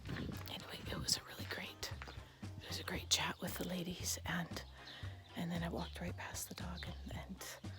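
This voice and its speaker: A woman cooing at calves outdoors in high, sing-song baby talk. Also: monotone, normal speed, whispered, over music. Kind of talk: cooing at farm animals. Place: outdoors on a farm.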